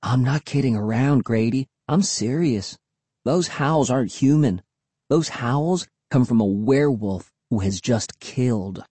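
A man voicing a bold young girl in an audiobook who teases and lowers her voice to talk about scary things. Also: unhurried, slightly rough, dry recording. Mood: hushed. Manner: teasing, insistent, drops to a hush for scary talk. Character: bold, spooky-minded young girl with a teasing edge. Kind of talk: audiobook character voice.

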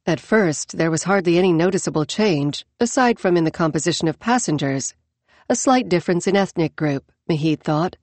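A woman narrating an audiobook in a measured, even storytelling manner. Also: fairly low pitch, no room sound. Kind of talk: scripted narration.

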